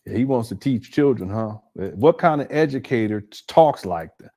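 Man, live-stream host, incredulous reactions, lively swooping pitch, mellow tone. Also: moderate pace. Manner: incredulous, exclaiming, talks to chat.

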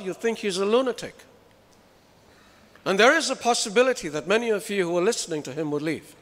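A man's voice: sits high, fairly quick, long pauses, a bit bright. A man preaching a sermon with emphasis, putting rhetorical questions to his listeners. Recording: reverberant hall.

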